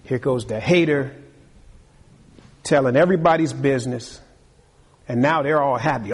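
A man preaching a sermon with a husky voice, lively and acting out other people's voices. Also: medium pitch, moderate pace, long pauses. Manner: animated, acts out voices of tempters and the king. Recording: long hall reverb.

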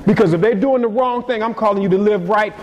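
A man preaching a sermon in a casual, conversational way, swinging between quiet passages and sudden emphatic peaks. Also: sits high, quick pace. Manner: casual conversational delivery with repeated words. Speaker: pastor.

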